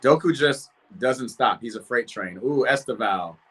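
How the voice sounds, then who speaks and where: Young male streamer, mid-pitched, casual, lively match reactions. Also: a little slow. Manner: animated, chatty, reacting to the match and chat. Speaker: host of a match watch party stream. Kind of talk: casual live reaction chat.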